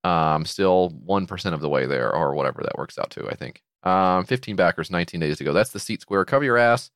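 A man's voice: low-pitched, brisk, fairly bright tone, clear, resonant tone, dry recording, studio quality. A man co-hosting a casual comedy podcast, adding wry, sarcastic asides and commentary. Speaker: podcast co-host.

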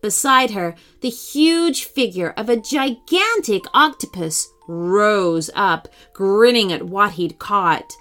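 A woman narrating a children's story in an expressive, animated reading voice. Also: mid-range voice, takes it slowly, hardly any pauses.

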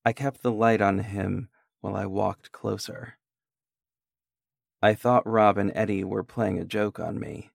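A man reading a first-person horror story aloud in a measured, unhurried way. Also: on the low side, fairly even intonation, gravelly, dry recording, studio quality.

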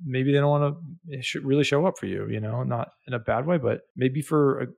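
A man's voice: medium pitch, fairly quick, creaky, darkish tone. A young adult man, a comedian and guest, telling a personal story in a rambling, casual way full of filler words. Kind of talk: casual podcast chat.

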